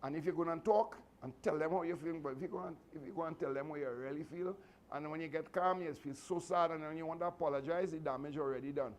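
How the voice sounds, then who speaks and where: A man's voice: on the high side, fast, a little hiss or hum. A man, a martial arts instructor giving a motivational speech to his students, earnest and repetitive with many restarts. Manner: fatherly advice giving.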